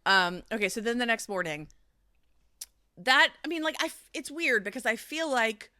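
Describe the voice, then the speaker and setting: A woman's voice: fairly high pitch, lively intonation, moderate pace, sharp tone, dry recording, clean studio sound. A woman hosting a podcast, telling a reality-TV recap in a chatty, storytelling way and swearing freely. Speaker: podcast host.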